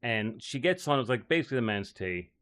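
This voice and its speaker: Speaking fast in a medium-pitched, expressive voice that's fairly bright and clean, a man casually tells rambling stories about his days as a caddie. He leans heavily on "like" and laughs frequently along the way.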